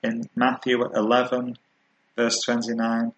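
A man preaching a sermon, earnest and measured, slowing down to stress key words. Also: mid-range voice, fairly bright tone, dull audio.

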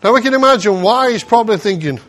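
A male preacher delivering a sermon, telling a story with animated acted-out voices and laughter. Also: high voice, fast.

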